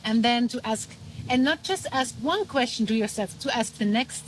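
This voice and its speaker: Woman host, supportive, slightly higher voice, hiss in the background. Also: moderate pace. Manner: warm affirming backchannels, gentle questions. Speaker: podcast host. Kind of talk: interview.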